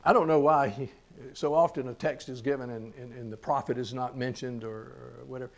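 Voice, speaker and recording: A man's voice: medium pitch, steady tone, fairly quick, vocal fry. A man preaching a sermon, reading scripture aloud and explaining it with rhetorical questions. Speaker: pastor.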